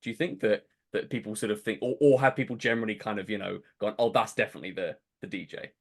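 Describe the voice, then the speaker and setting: A man's voice: fairly low pitch, fast talker, gravelly. A man hosting an interview podcast, asking long, meandering questions and laughing along with his guest. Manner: thoughtful, rambling questions with fillers and restarts, laughs along. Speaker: podcast host. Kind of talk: casual interview chat.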